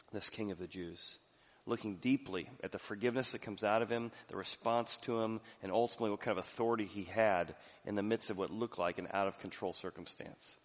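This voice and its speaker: A male pastor preaching a sermon in a church, swinging from soft, low passages to loud, emphatic ones. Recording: reverberant hall, slightly dull sound.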